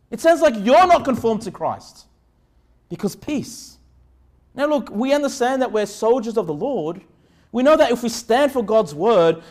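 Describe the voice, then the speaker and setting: Pastor guy preaching, high voice, earnest, lots of questions to the crowd. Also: a little mellow. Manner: slow, deliberate scripture reading. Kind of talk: sermon.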